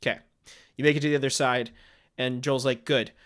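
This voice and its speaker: Relaxed male game master. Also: mid-range voice, a little fast. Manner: relaxed, full of fillers, vivid scene-setting. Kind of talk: narrating a tabletop game.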